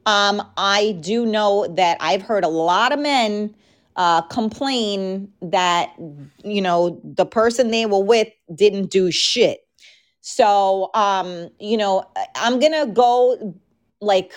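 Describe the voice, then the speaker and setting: A woman hosting a podcast, talking frankly and casually straight to her listeners, her voice a little worn. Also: medium pitch. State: losing her voice. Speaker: podcast host. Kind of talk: casual chat.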